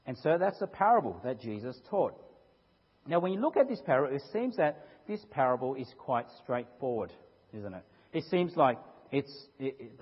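A man preaching a sermon, telling a parable in an animated way and asking his listeners rhetorical questions. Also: fairly high pitch, breathy edge. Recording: echoey hall, dull lo-fi sound.

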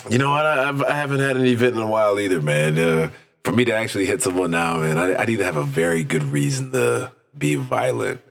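A man's voice: lowish voice, fast, creaky. Laughing, profane male storyteller. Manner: profane, laughing storyteller who acts out voices in quotes. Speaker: podcast co-host. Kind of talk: casual chat, storytelling.

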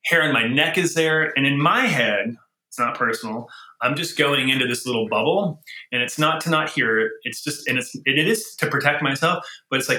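A man who is a leader and author, talking casually, animated and thinking aloud with frequent restarts. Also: medium pitch, moderate pace, reverberant, low-quality recording. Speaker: guest, engineering leader and author. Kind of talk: casual conversation.

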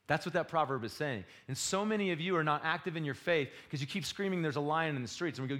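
Male preacher, sermon, animated delivery, sudden loud rises, quiet asides. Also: a little high, quick pace, few pauses. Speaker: pastor.

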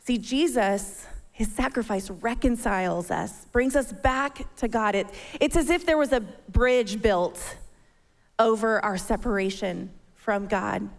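A church speaker, a woman in her thirties with a medium-pitched, slow, creaky voice, delivers a sermon built around a personal story in which she acts out her own panic. Long hall reverb colors the recording.

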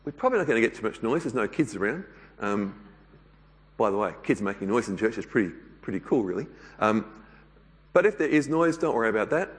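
A pastor giving a sermon in church, speaking gently and unhurriedly with occasional fillers. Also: male voice, fairly low pitch, expressive, fairly quick, long reverb tail.

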